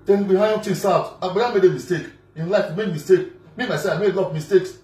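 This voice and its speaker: A man's voice: high voice, fast talker, warm tone. A man with a Nigerian accent talking casually and emphatically, repeating himself and filling gaps with "you know". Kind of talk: casual direct-to-camera monologue. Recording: echoey room, mic at a distance, faint music.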